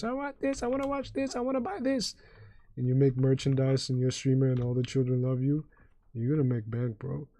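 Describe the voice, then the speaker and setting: A man's voice: mid-range voice, dark tone, no echo. A young man streaming a game live, chatting in a laid-back, rambling way with frequent swearing and restarts. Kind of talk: casual livestream chat.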